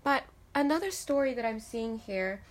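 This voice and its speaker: A woman's voice: fairly high pitch, animated, normal speed. A woman giving a casual tarot reading to her viewers, chatty and talking straight to them. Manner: chatty, laughs often, addresses viewers as guys. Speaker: tarot reader.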